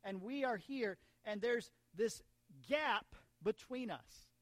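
Here an American pastor preaches conversationally, blending humor and side remarks with scripture. He is from the United States, and his high-pitched voice moves slowly in a dry recording.

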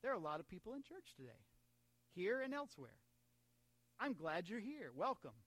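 A man's voice: high voice, very animated, normal speed, fairly bright tone, dry recording. An American man preaching a sermon in a conversational way, mixing humor and asides with scripture. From United States. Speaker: pastor.

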